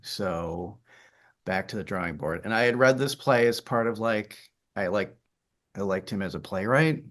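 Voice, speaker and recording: A middle-aged man from the Upper Peninsula of Michigan, whose faint Yooper accent sits in a somewhat low voice. He is a theater director talking through his path in an interview. He rambles in a chatty way, full of fillers and restarts. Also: normal speed, fairly bright tone. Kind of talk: interview conversation.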